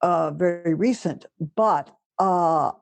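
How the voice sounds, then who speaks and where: A woman guest on a podcast, speaking slowly and thoughtfully with hesitant pauses. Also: lowish voice, vocal fry, no echo. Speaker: podcast guest, the co-host's mother. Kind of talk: casual chat.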